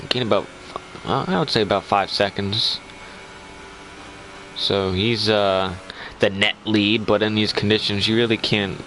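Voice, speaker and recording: A man's voice: lowish voice, fairly bright tone, a little hiss or hum, low-quality recording. A man giving casual live commentary on an online sim race, chatty and teasing, laughing often.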